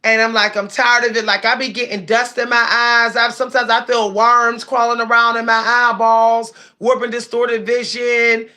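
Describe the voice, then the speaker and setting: Bright-voiced woman chatting on a livestream. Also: a little high, flat delivery, normal speed, hardly any pauses. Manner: chatty, reads viewer comments aloud. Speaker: livestream host. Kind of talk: casual livestream chat.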